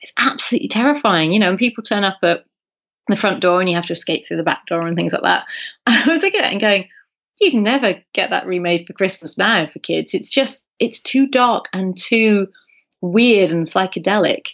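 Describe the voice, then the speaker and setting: Animated woman, dull lo-fi sound. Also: medium pitch, a little fast. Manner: animated storyteller, many ums and restarts. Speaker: podcast co-host. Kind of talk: casual chat.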